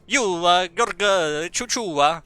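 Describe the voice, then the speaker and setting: A man's voice: on the high side, normal speed, pushed and bright, soft background music. A young man streaming a game, reading its dialogue aloud with stumbles and silly asides.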